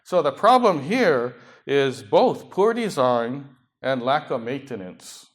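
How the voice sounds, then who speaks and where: A man's voice: medium pitch, sing-song, slow. A man presenting slides at a seminar to a live audience, moving through safety points and dropping jokes between them. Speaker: seminar speaker. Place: conference room.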